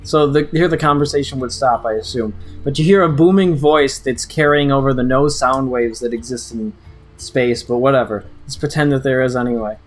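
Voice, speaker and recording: A man of middle pitch runs a tabletop game, describing scenes in a loose, rambling way full of fillers. Faint music plays in the background. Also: normal speed. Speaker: game master.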